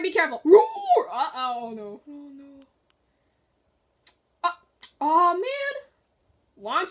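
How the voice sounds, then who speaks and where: A woman hosting a gaming video, excitedly reacting to a match and chatting in voices for her stuffed animals. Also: sits high. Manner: excitable, squealing and groaning at the game. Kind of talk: playful game commentary with toy voices.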